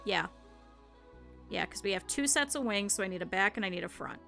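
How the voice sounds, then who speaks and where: A woman's voice: mid-range voice, expressive, fairly quick, creaky, pushed and bright, soft background music. A woman streamer chatting her viewers step by step through cutting and sewing a plush, explaining as she works. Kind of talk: casual step-by-step craft tutorial.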